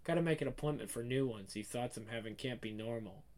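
A man's voice: medium pitch, fast talker, a little mellow, lightly acted. A man voicing a flustered, anxious middle-aged mother, talking to herself in a frantic inner monologue. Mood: fretful.

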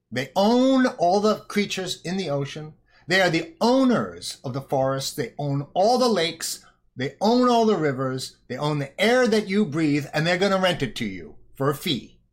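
Male commentator, emphatic and heated, fairly high pitch. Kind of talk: ranting monologue.

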